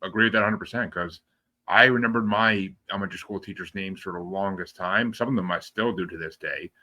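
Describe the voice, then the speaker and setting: Man, low pitch, bright tense tone, casual host, swears and laughs a lot. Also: fast. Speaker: podcast host. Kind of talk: casual interview chat.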